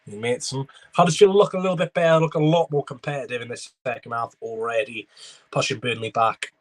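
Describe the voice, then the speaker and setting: A man's voice: medium pitch, fairly quick. A young man talks over a live football match. He chats casually, calls the play as it happens and answers messages from his viewers in between. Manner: chatty running commentary, reading out viewer messages. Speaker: football watchalong streamer. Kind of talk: live match reaction with chat replies.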